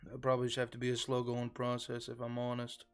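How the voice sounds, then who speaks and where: A man's voice: mid-range voice, monotone, fast, clean tone. A man streaming a game live, chatting casually to viewers in a rambling, filler-heavy way. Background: faint background music.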